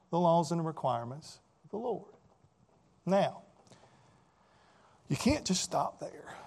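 High-voiced male preacher, emphatic. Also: creaky. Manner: asks rhetorical questions, many "right?" tags and repeated words; emphatic, swings between loud and soft. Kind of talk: sermon.

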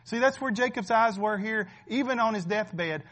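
A male pastor delivers a sermon in a fairly high voice. He preaches emphatically and conversationally, pausing often to check that his listeners follow. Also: a bit bright. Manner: emphatic, keeps asking "right?", laughs between points.

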